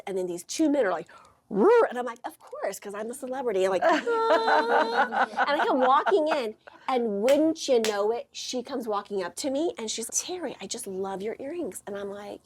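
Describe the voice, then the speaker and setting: A woman's voice: moderate pace, slight background noise. A woman hosting a casual chat, telling stories with lots of playful acted-out quotes. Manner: animated storyteller, acts out quotes in high voices. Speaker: podcast host.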